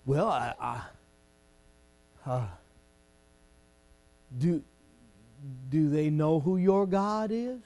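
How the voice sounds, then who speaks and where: A pastor who moves between folksy, chatty storytelling and shouted preaching. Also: male voice, a little high, expressive, very slow, long pauses. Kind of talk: sermon.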